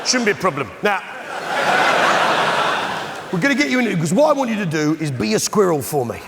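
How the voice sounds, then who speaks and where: A middle-aged Englishman performs stand-up as a pub landlord character, blustering, bellowing and indignant as he works a live crowd in a large theatre. His high-sitting voice is very animated and brisk with vocal fry, and the live recording has a big-room sound, heavy background noise and audience laughter.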